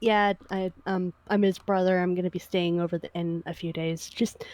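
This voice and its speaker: A woman's voice: on the low side, fairly even intonation, moderate pace, darkish tone. A woman playing in a tabletop role-play, casually describing her character's actions in the third person. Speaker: player.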